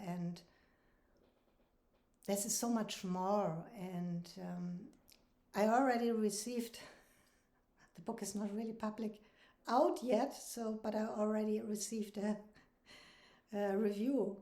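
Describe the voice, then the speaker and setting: A woman gives an earnest, heartfelt faith testimony. Her voice sits mellow and warm rather than bright. The recording carries a roomy echo around her. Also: mid-range voice. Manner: earnest and heartfelt, with laughs between thoughts. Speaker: author sharing faith testimony.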